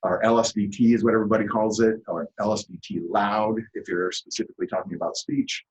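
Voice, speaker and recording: A man giving a classroom lecture, explaining at a relaxed pace with lots of "uh" fillers. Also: on the low side, quick pace, highs cut off.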